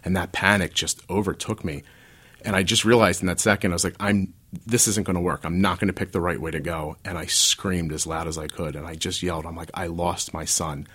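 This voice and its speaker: A man's voice: low-pitched, steady tone, fairly quick, a bit bright, breathy edge. A stay-at-home dad and author in his forties, an interview guest telling personal stories in a candid, rambling way with self-deprecating asides.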